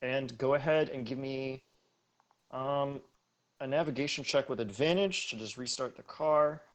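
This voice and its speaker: A man's voice: medium pitch, unhurried. A man running a tabletop game as game master, casual and joking, laughing often.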